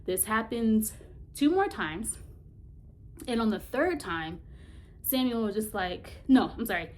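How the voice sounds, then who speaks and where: A woman's voice: medium pitch, expressive, a little slow. A woman casually retelling a Bible story in a Bible study vlog, colloquial and chatty, often laughing and searching for words.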